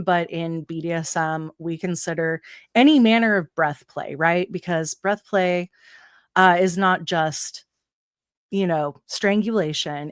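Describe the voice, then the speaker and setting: An American woman with a fairly low voice tells a wild work story in casual talk. She swears freely and leaps up in pitch whenever she acts out what someone said. The sound is dry and close. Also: dry recording. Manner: animated, profane, acts out quotes with big pitch jumps. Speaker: guest.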